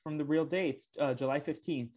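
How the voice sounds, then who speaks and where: A man's voice: fairly high pitch, moderate pace, a little mellow. A man co-hosting a podcast, chatting casually and hesitantly with many fillers. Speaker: podcast co-host. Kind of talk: casual chat.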